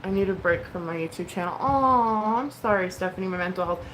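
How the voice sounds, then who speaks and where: Candid low-voiced woman streaming, swearing. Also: flat delivery, fast talker, rough recording. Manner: candid and emotional, swears freely, many likes and ums. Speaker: livestream host. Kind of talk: casual livestream chat. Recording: noticeable background noise.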